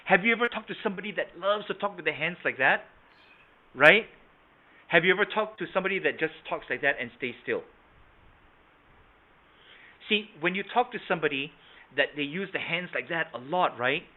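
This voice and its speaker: A man's voice: a little high, expressive, fairly quick, pauses often. Man, sales trainer, online class, checks in with "right?" and "okay?", tinny call audio. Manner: interactive, quizzes participants by name with frequent "right?" and "okay?"; shifts volume and tone to demonstrate matching, from soft to strong. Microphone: video call.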